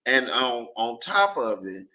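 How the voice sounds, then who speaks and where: A man's voice: medium pitch, big pitch swings, slow pace, pushed and bright, distant mic, low-quality recording. A man in a class discussion, adding to the main speaker's point in a casual way. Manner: agreeing, building on the speaker's point. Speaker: class participant.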